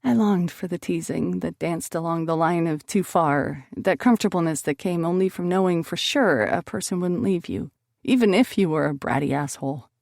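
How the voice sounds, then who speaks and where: A woman's voice: fairly low pitch, moderate pace, vocal fry, darkish tone, dry recording, studio quality. A woman narrating a first-person romance audiobook expressively, lifting her voice on emotional lines.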